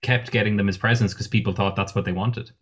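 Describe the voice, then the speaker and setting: A man's voice: lowish voice, steady tone, fast talker, husky. Man running a tabletop game. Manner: casual, swearing, hesitant with fillers. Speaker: game master.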